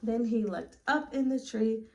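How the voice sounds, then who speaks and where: A woman reading a picture book aloud to children at story time, gently asking them questions along the way. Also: fairly high pitch, a little slow, vocal fry, low-quality recording. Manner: gentle, asks listeners questions.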